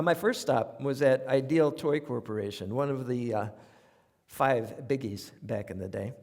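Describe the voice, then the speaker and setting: Wry and conversational, an older man with a New York accent and a mid-range voice tells humorous stories before a live audience, sprinkling in animated asides. He's a radio commentator performing essays on a theater stage as a storytelling monologue, and the live recording has a long reverb.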